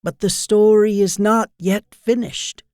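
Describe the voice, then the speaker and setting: A narrator voicing a wise old enchantress who speaks gently, in a bedtime story. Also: mid-range voice, steady tone, a little slow, dry recording, studio quality, pitched above the performer's own voice, natural voice. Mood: gentle.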